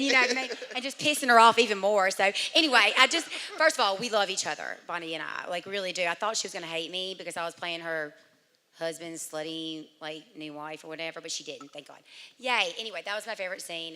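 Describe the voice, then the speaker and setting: A woman's voice: lowish voice, pushed and bright. A woman on a festival panel stage, telling a chatty, rambling story with a lot of "y'all". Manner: bubbly, rambling, uses y'all. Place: theater stage.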